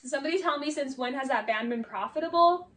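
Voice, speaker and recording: A high-pitched woman talking loosely and fast-flowing, peppering everything with "like" and snarky asides. She sits a little back from the mic, so her voice carries some distance. It sounds like a casual video essay commentary. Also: loud music behind the voice. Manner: chatty, many "like"s, mocking asides.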